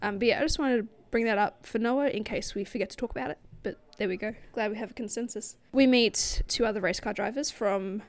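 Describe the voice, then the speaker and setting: A woman's voice: mid-range voice, fast, few pauses. A woman co-hosting a book podcast, talking casually with lots of fillers and the odd swear word. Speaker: podcast co-host. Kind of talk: casual book-review chat.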